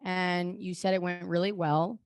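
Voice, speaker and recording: Low-voiced woman teasing wryly. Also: flat delivery, a little slow, clear, resonant tone, no room sound, clean studio sound. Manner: teasing, wry questioning. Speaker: podcast co-host. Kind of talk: casual chat. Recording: remote call audio.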